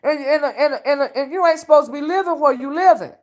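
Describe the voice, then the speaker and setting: An online commentary host with a high voice talks briskly through a casual live stream. She's sassy and mocking as she rants, pausing mid-rant to greet viewers in her chat.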